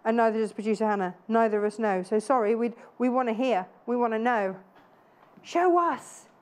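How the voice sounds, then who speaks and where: Woman, thirties, TV studio presenter, chatty, gushing, slightly higher voice. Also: steady tone, quick pace, darkish tone, smooth. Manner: chatty, gushing, self-deprecating asides. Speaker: shopping channel presenter. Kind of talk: live TV sales chat.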